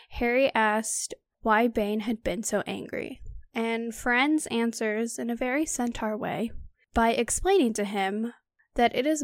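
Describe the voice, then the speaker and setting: A woman's voice: on the high side, dry recording, studio quality. A woman in her twenties, a podcast host, retelling a book in a casual way with joking asides. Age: 20s. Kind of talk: casual book recap with read-aloud.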